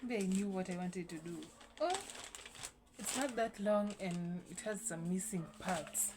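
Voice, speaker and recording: A woman's voice: fairly low pitch, unhurried, noisy background. A young woman hosting a casual vlog, rambling and swearing lightly as she reads her old writing aloud. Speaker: YouTube host.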